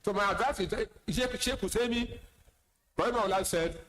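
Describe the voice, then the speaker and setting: Higher-voiced Nigerian imam preaching. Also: male voice, a little fast, fairly bright tone, low-quality recording. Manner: plain-spoken, teasing asides, repeats words. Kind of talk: sermon lecture.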